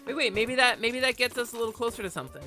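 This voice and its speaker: A woman streaming a game live from her home office, chatting in an animated way and swearing freely. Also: fairly high pitch, very fast, music in the background. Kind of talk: casual live gaming stream chat.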